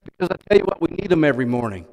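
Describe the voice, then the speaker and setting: A man's voice: on the high side, very animated, racing. Preaching man in an echoing hall. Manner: builds from quiet to loud, emphatic preaching; conversational, repeats words and phrases. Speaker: pastor. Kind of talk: sermon.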